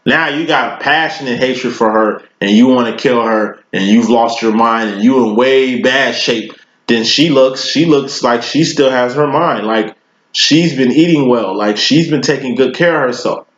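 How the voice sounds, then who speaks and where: A man's voice: medium pitch, normal speed, a bit bright. A man giving a casual tarot reading, talking in a loose, slangy, profane way and spinning long rambling analogies. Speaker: tarot reader. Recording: roomy, dull lo-fi recording.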